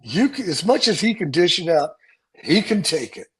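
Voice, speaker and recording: Husky man telling lively set stories. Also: fairly high pitch, moderate pace, poor audio. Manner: lively, profane storytelling, acting out others' lines. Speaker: stunt coordinator. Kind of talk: telling film set anecdotes.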